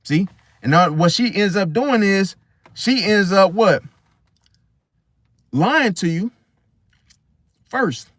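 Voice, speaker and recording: High-pitched and animated, an astrology vlogger speaks slowly with long pauses in a fairly bright tone, recorded at studio quality with no echo. His preachy, casual monologue is blunt and slangy, peppered with swearing and questions like "See?".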